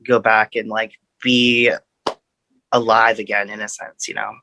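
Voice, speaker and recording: A man from Florida, a podcast guest who talks in an unhurried, drawn-out casual way. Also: lowish voice, flat delivery, vocal fry, pushed and bright, slight background noise.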